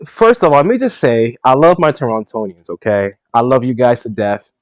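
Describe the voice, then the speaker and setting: A man's voice: medium pitch, big pitch swings, brisk, darkish tone, no room sound. A man co-hosting a casual chat show, talking bluntly and jokingly. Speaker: podcast co-host.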